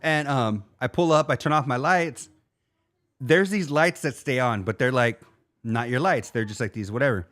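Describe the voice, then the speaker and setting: At medium pitch and a moderate pace, an Arizona podcast co-host relates a story. His style is lively and full of slang, and "dog" comes up again and again.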